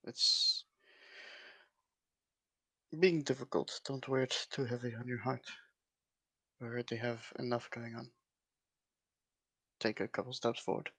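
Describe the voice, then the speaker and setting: A man's voice: mid-range voice, fairly even intonation, unhurried, gravelly, long pauses, sharp tone, breathy edge. A man playing a tabletop game, blunt and casual, who swears freely. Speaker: player.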